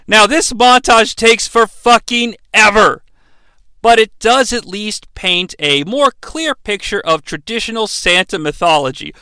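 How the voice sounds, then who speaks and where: A man hosting a comedic movie review, talking in a profane, sarcastic, animated way. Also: sits high, measured pace, clean tone, no room sound.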